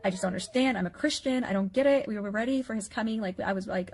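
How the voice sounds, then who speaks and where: A woman's voice: mid-range voice, quick pace, a little mellow. A woman anxiously recounting a dream, rambling with many fillers and bewildered questions.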